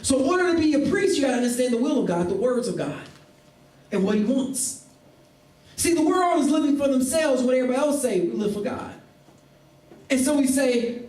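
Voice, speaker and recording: High-voiced preacher in an echoey church. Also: male voice, moderate pace, pauses often. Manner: animated preaching, acting out voices of people in the story. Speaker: pastor. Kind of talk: sermon. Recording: echoey room, mic at a distance.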